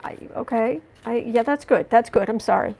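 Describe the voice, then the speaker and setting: Woman, tarot livestream host, gravelly voice, slightly high pitch, heated and indignant, chatting back to viewers. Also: moderate pace, dark tone, low-quality recording. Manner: frequent restarts and apologies. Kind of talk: live-streamed chat and tarot reading.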